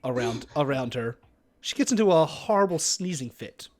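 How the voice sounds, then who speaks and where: A man's voice: a little high, animated, normal speed. A man running a tabletop game on a live stream, rambling casually and swearing freely. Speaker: game master.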